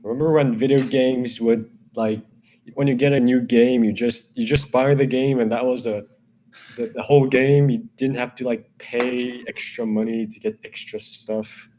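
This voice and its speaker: A man's voice: medium pitch, fairly even intonation, normal speed, a little mellow. Eager young man, faint hiss behind. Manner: eager, repeats himself, laughs often. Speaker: podcast co-host. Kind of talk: casual chat.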